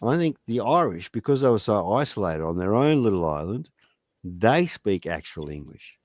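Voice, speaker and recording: A man's voice: on the low side, big pitch swings, moderate pace, a little mellow, dry recording, studio quality. An Australian man in casual live-stream chat, arguing bluntly and swearing heavily while he hammers home his point.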